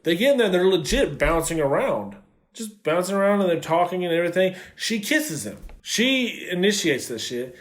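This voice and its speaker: Recapping episodes of a TV series in a casual chat, this co-host curses a lot and performs the characters' lines himself. His high voice is very animated, though his speed stays normal.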